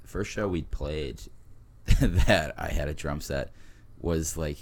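A man in his twenties with a remarkably low, deep voice. He talks in a loose, laid-back way, rambling through stories with frequent laughs and fillers, like a podcast guest among friends. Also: slow. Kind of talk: casual podcast chat.

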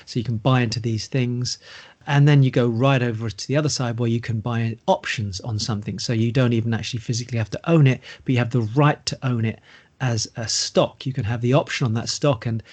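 Man, middle-aged, podcast chat, explains in long listing run-ons, even mid pitch. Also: fairly quick. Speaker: property investment educator. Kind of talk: casual podcast conversation.

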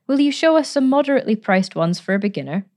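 A woman voicing a breezy, charming gentleman. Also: mid-range voice, lively intonation, fast talker, voice pushed up, lightly acted. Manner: breezy, teasing, pleasant. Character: charming, playful gentleman adventurer, adult man.

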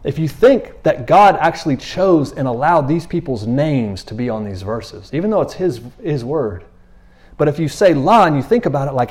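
Male preacher, casual and animated delivery, talks like he's chatting with friends, restless rhythm. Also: a little high, normal speed. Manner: animated, repeats himself, acts out quotes in passing. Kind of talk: conversational sermon.

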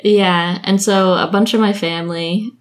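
A woman's voice: mid-range voice, steady tone, measured pace. Chatty young woman podcast co-host. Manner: chatty storyteller, laughs often. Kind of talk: casual chat.

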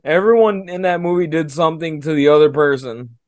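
A man's voice: on the high side, a little fast, darkish tone, no echo. Blunt man on a dry mic. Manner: blunt and crude. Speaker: podcast co-host. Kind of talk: casual movie chat.

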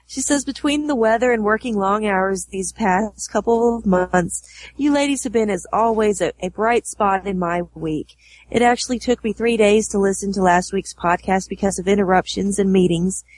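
A woman's voice: medium pitch, moderate pace, darkish tone. A woman co-hosting a podcast, reading listener messages aloud in an upbeat, chatty way.

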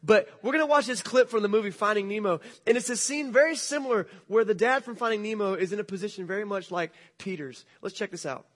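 A male pastor retelling a story to a church congregation, speaking in a casual, jokey, animated way. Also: high voice, fast talker, few pauses. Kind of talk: sermon storytelling.

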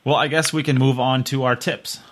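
A man's voice: mid-range voice, fairly even intonation, fairly quick, fairly bright tone. A man co-hosting a casual chat show, making dry, teasing remarks and laughing easily. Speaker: podcast co-host.

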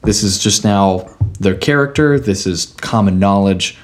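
Low-voiced man breaking down a cartoon. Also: measured pace. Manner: analytical, playful, talks through ideas at length. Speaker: podcast co-host. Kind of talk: casual chat.

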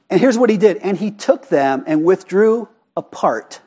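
Animated high-voiced preacher. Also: male voice, normal speed, few pauses, husky. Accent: Arizona. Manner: animated and conversational, often asking the congregation questions. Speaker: pastor. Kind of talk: sermon. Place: church sanctuary.

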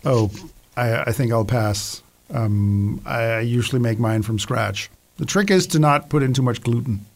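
A man's voice: medium pitch, moderate pace, creaky, voice pushed down, close to an everyday voice. A man playing a fussy, prim newcomer who is shocked by crude talk, in a rehearsed scene. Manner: fussy, prissy exclamations. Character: prim, squeamish male newcomer.

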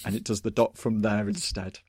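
A man's voice: on the low side, fairly quick, breathy edge, no echo, clean studio sound. Chatty man, rambling. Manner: rambling, animated, many fillers and laughs. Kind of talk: casual chat.

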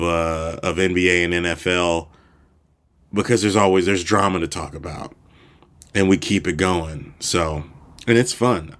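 A man's voice: low-pitched, fairly bright tone. A man hosting his own podcast, chatting loosely and rambling, laughing easily and swearing offhand. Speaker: podcast host. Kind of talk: casual solo podcast chat.

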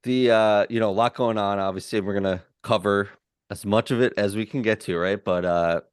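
A man's voice: lowish voice, steady tone, a little fast, smooth, dry recording, clean studio sound. A man co-hosting a casual sports podcast, talking in a loose, rambling way and restarting his sentences. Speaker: podcast co-host.

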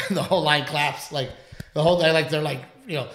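A radio host telling a story in casual chat, rambling and animated, with plenty of fillers. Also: male voice, a little high, brisk, reverberant.

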